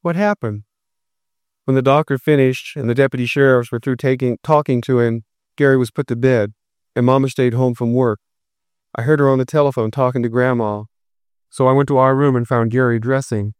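Male storyteller, smooth and resonant, dry close sound, measured reading. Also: medium pitch, fairly even intonation, a little mellow, no room sound. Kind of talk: first-person story narration.

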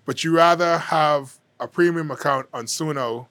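A man's voice: on the high side, moderate pace, fairly bright tone, dry recording. Candid man with a dry, close sound. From Bahamas. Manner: candid, conversational, hedging. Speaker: political commentator. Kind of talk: casual opinion monologue.

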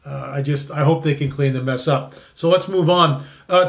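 High-voiced man in his sixties, opinionated. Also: normal speed, creaky. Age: 60s. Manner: rambling, with frequent restarts and repeated words; emphatic, disclaiming. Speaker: commentary show host. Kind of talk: opinionated casual commentary.

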